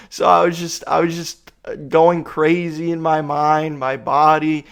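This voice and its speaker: A man's voice: a little high, flat delivery, a little slow, vocal fry, hardly any pauses, fairly bright tone, clear, resonant tone. A young man telling a rambling, profane story about a store trip, sounding tired and exasperated. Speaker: vlogger. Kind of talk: rambling comic rant.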